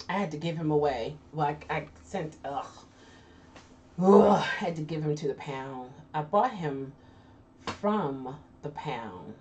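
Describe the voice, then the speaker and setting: Hosting a loose live chat, a woman with a low-sitting, darkish voice reads viewer comments, laughing frequently and trailing off into restarts. Faint noise accompanies her distant lo-fi mic.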